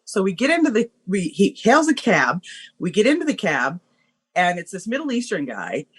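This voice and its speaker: A woman guest telling a story in a casual, animated way, laughing often and using lots of fillers. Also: mid-range voice, normal speed, husky.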